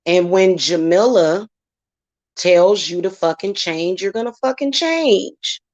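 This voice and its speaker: A woman's voice: lowish voice, animated, slow pace, darkish tone, dry recording. A woman hosting her own channel, delivering a heated, profane, confrontational rant at her critics. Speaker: spiritual reader and channel host. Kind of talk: angry vlog rant.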